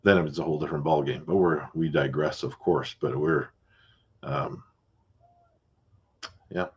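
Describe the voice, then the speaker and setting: A deep-voiced, husky man hosts a podcast in an easygoing, chatty way, drifting into asides as he talks. The sound is muffled and lo-fi. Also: measured pace. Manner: relaxed, chatty, with fillers and asides. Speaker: podcast host, realtor. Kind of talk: casual chat.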